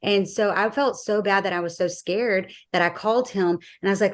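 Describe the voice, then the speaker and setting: A woman's voice: medium pitch, a little fast. Woman telling her faith testimony. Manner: animated retelling, acting out quoted dialogue, frequent fillers. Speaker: guest sharing her testimony. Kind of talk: personal faith testimony, conversational storytelling.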